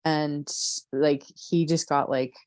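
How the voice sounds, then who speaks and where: A woman as a therapy client, talking haltingly and repetitively through an emotional memory, with many fillers. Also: sits low, steady tone, a little mellow, dry recording. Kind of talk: emotional guided recall.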